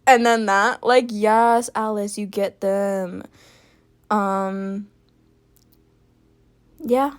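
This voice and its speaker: A woman's voice: fairly high pitch, no room sound. A woman vlogger in a casual rant to camera, heated and frustrated, with lots of fillers and swearing.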